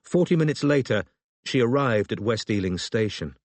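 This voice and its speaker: A man reading an audiobook in a steady, measured storytelling manner. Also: medium pitch, no room sound. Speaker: audiobook narrator. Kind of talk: scripted audiobook narration.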